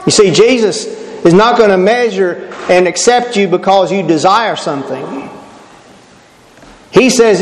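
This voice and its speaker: A high-pitched man preaches with emphatic, repeated phrases. His voice rings through a large echoey hall with a long reverb tail. A faint hiss sits beneath it all. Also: unhurried. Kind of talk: sermon.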